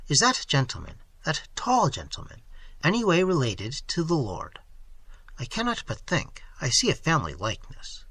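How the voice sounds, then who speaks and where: A prim, fussy master of ceremonies, all bows and polite curiosity, voiced by a male reader. His questions lift high and brightly, with a slightly husky grain underneath. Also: huge pitch swings, normal speed, no echo, full character voice. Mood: polite, prying. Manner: fawning, polite, prying.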